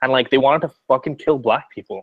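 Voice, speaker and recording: A man's voice: mid-range voice, steady tone, fast, no echo, phone-quality sound. A young man from Montreal chatting casually on a live stream, rambling with lots of fillers and swearing. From Montreal, Canada. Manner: rambling, profane, many fillers. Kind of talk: casual chat.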